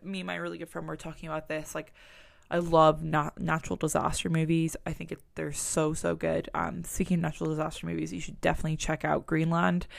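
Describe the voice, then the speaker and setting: Chatty young woman with a gravelly low voice. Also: flat delivery, fast talker. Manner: chatty and rambling, many fillers, laughs at herself. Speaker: podcast host. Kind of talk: casual podcast chat.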